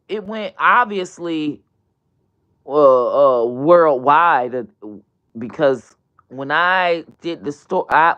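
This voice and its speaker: Low-voiced woman telling a rowdy story. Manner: animated and profane, swinging from loud outbursts to near-whispers. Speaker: online show host and storyteller. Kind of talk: casual storytime vlog.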